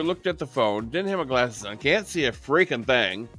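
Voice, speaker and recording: A man co-hosting a late-night casual chat, telling stories in a profane, animated way. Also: medium pitch, moderate pace, soft background music. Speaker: co-host.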